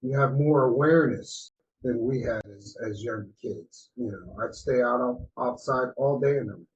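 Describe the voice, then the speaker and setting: A man's voice: medium pitch, normal speed, highs cut off. Easygoing man giving casual advice. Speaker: podcast co-host. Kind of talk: casual mentoring talk.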